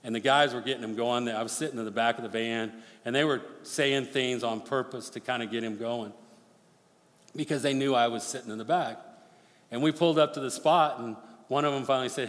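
A man preaching a sermon as pastor, swinging from forceful near-shouted appeals to hushed, quick storytelling. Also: mid-range voice, fairly even intonation. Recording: long reverb of a large hall.

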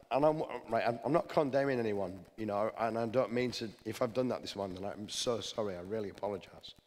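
A man delivers a sermon in a low voice, speaking in a conversational, earnest way and often restarting his sentences. His voice carries a long church reverb, with a faint hiss underneath. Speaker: pastor. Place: church hall.

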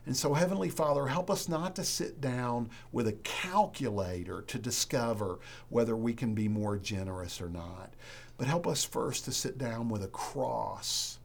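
A man preaching a sermon as a pastor to a church congregation, earnest and emphatic, with dramatic pauses, then leading a prayer. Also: mid-range voice, lively intonation, creaky.

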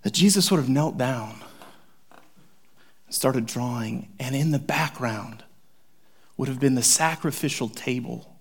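A man preaching a sermon, animated and conversational, swinging from loud excitement to hushed near-whispers. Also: mid-range voice, a little slow, long pauses, breathy edge. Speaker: pastor.

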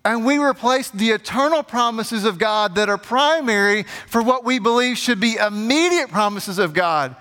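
A man's voice: high voice, animated, normal speed, hardly any pauses, pushed and bright, long reverb tail. A man preaching a sermon as a pastor, in an emphatic, conversational way, recorded in a church.

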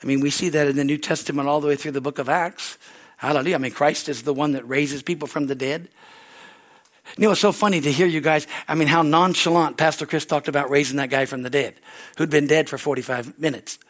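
A man's voice: a little high, steady tone, quick pace, a bit bright. A man preaching a sermon as pastor at a church service, telling stories animatedly with frequent restarts.

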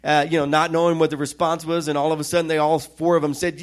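A middle-aged man preaching a sermon, telling stories with lively quoted voices. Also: a little high, fast, hardly any pauses. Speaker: pastor.

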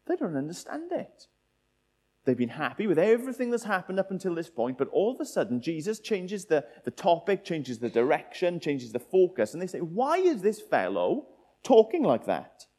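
A man's voice: on the high side, sing-song, brisk, dark tone. A man preaching a sermon, asking the listeners many rhetorical questions.

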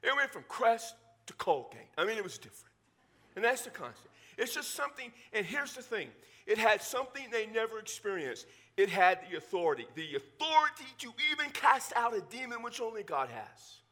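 A male pastor preaching a sermon in a conversational, animated way, with joking asides to the congregation. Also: sits high, a little fast. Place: church.

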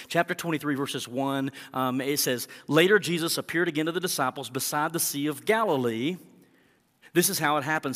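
A male pastor preaching a sermon, animated, acting out the quotes as he tells the story. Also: medium pitch. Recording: long hall reverb.

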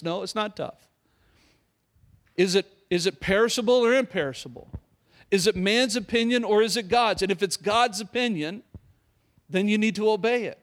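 A man's voice: high-pitched, lively intonation, normal speed, pauses often. A middle-aged male pastor preaching a sermon, emphatic, repeating key phrases and putting questions to the congregation.

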